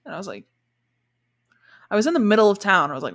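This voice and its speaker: A woman's voice: mid-range voice, sing-song, quick pace, fairly bright tone. A young woman co-hosting a podcast, chatting casually and filling her talk with "like". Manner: chatty, lots of "like" fillers. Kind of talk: casual chat.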